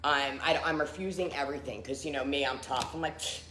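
A woman's voice: rumbling low, fairly quick, a bit bright, reverberant, slight background noise. A middle-aged woman giving a candid personal recovery testimony, full of fillers and acted-out quotes. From Philadelphia area. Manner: candid, frequent fillers, acts out quoted people.

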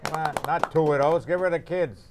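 Heard over music, his voice sits on the high side and moves a little fast as he hosts a local variety program. He teases guests, wisecracks, and laughs often, with faint room noise present.

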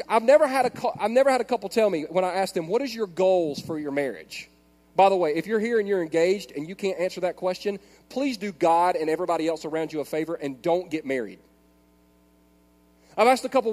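Male pastor, sermon style, high-pitched, with a long reverb from a large hall. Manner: animated storytelling, swings from hushed prayer to shouting.

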